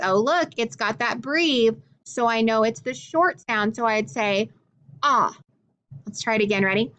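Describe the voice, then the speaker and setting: A woman teaching a phonics lesson to young children, speaking slowly and clearly with frequent encouraging praise. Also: a little high, a bit bright.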